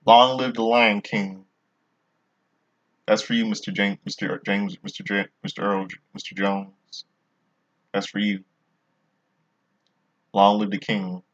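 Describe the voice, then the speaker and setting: A man's voice: fairly low pitch, little pitch movement, unhurried, long pauses, a bit bright, dull audio. A man casually reviewing a wrestling show in a vlog, rambling and often restarting his sentences.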